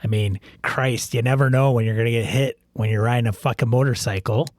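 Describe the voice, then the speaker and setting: Man, mid-range voice, agreeable halting co-host, dry mic. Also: mid-range voice, steady tone, darkish tone, no echo. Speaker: podcast co-host. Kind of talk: casual podcast chat.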